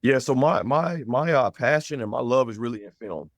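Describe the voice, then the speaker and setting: An actor talks as a podcast guest in a mid-pitched voice. He speaks earnestly and repeats his points. The recording is dry and close. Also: lively intonation, normal speed, no room sound, lo-fi sound. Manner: earnest, advising, repeats phrases. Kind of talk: casual interview chat.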